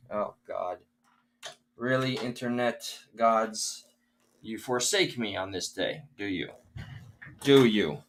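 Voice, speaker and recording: A man's voice: medium pitch, slight background noise. A man hosting a casual livestream, rambling and theatrical, muttering and swearing to himself between remarks to his chat. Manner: exasperated, theatrical, rambling with tech trouble. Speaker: livestream host.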